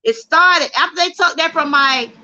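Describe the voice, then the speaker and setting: A middle-aged woman from Georgia, USA, speaks at a moderate pace in a high, bright, forceful voice, captured on dull audio. Hosting a livestream, she gives an emotional, fervent, preacher-like testimony, close to tears and calling out to viewers as "y'all."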